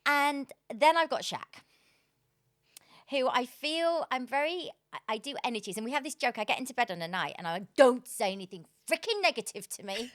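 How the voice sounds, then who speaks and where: A woman, a podcast guest telling her story in a casual, animated way and laughing often. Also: a little high, fairly quick, dry recording, studio quality.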